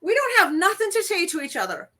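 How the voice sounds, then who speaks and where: A woman's voice: very high voice, wildly swooping pitch, fast, bright, forceful tone, pitched above the performer's own voice, heavily acted. A woman putting on an accent to play a cranky, curt old scrubwoman from a film. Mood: hostile. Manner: quoting a movie in a put-on accent.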